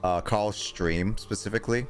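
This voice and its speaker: A man's voice: on the low side, normal speed. A man streaming a video game, chatting casually and reacting aloud as he plays. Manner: animated, reacting aloud to gameplay. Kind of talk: casual gaming commentary. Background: faint game music.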